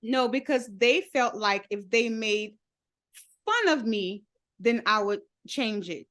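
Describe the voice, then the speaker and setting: Slow-talking woman guest with a high voice. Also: expressive, fairly bright tone. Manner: open, laughs often while telling her story. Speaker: podcast guest. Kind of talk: candid interview.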